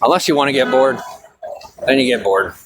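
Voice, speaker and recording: A man walks and talks into his handheld camera on a city sidewalk, chatty and blunt with a habit of swearing. His voice sits at an ordinary middle pitch. Faint street noise hums behind him. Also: fairly quick. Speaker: vlogger. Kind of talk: casual walking vlog.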